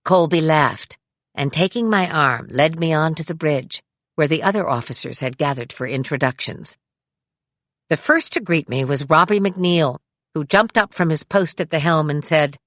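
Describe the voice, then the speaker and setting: A middle-aged woman reading her memoir aloud in a measured way, giving the quoted people raised voices. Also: low voice, a bit bright, no echo. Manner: measured, acts out dialogue with raised voice. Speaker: memoir narrator. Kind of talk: audiobook memoir narration.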